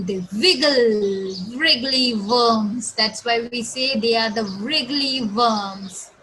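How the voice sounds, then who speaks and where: An Indian woman teaching young children an English lesson, explaining slowly in a sing-song manner and imitating animal sounds. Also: on the high side, a bit bright, slight background noise, low-quality recording. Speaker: schoolteacher.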